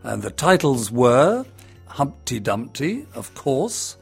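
A man's voice: mid-range voice, sing-song, slow, vocal fry, slightly rough, faint music behind. A man giving a casual spoken talk in a chatty way, with fillers and small restarts. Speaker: presenter.

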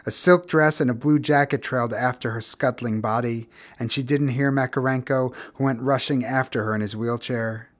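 Male narrator, measured and expressive literary reading, mid-pitched. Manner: measured, expressive, grows quiet and somber. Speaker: audiobook narrator.

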